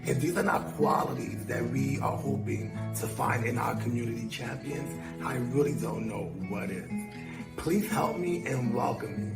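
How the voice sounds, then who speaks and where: A man with a gravelly voice presents an award in a proud, formal, ceremonial way. The sound is echoey, and loud guitar music plays behind him throughout. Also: mid-range voice. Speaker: award presenter and community advocate.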